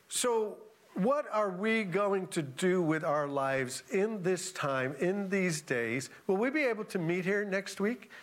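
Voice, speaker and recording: A male pastor giving a conversational sermon, telling stories with chuckling asides. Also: fairly high pitch. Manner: animated storytelling, chuckling asides.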